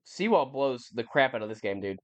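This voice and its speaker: A man's voice: medium pitch, animated, brisk. A young man giving casual, rambling commentary over a video game, often correcting himself and sounding mildly exasperated. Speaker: gaming YouTuber.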